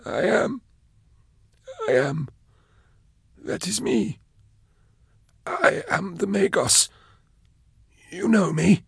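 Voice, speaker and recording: A man's voice: high voice, big pitch swings, drawn-out words, creaky, pauses often, husky, no echo, clean studio sound, voice pushed up, heavily acted. A man voicing a ravaged, timid male prisoner who stutters and strains to form words. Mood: anxious. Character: broken, stammering old male prisoner.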